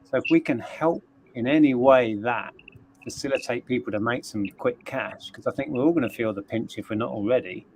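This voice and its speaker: A man's voice: medium pitch, a little fast, a little hiss or hum. Thoughtful man explaining in casual chat.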